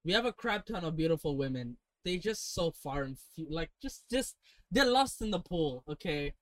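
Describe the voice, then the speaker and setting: A man's voice: a little high, very animated, fairly bright tone, dry recording. A young man from India co-hosting a podcast, chatting in crude, joking banter. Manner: crude, joking, quick to laugh. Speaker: podcast co-host. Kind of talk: casual banter.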